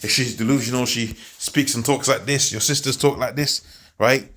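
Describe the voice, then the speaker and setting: A man delivers a loose, unscripted video rant with a preachy edge. His voice sits at a middling pitch. He stumbles over repeated words and laughs softly between his points. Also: steady tone, normal speed. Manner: preachy, quotes scripture. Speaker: video host. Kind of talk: casual monologue rant.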